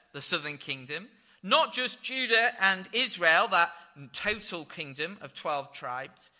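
A man's voice: a little high, bright, forceful tone. A man preaching a sermon, reading scripture aloud and explaining it verse by verse. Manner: expository Bible teaching with fillers.

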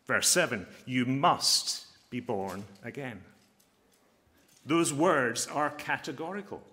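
A man preaching a sermon as a pastor and chaplain, earnest and emphatic, slowing down to stress key phrases. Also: medium pitch, lively intonation, pushed and bright.

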